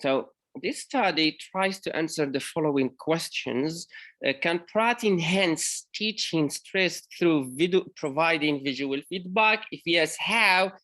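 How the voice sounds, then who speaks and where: A man from Morocco, a university lecturer, giving an academic conference presentation in a halting way, with frequent pauses and self-corrections. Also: on the high side, pushed and bright.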